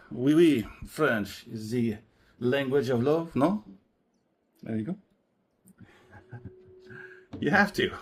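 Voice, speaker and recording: A man's voice: medium pitch, husky. A man hosting a casual spirits review, talking in a playful, joking and slightly rambling way. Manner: playful, jokey, a little rambling.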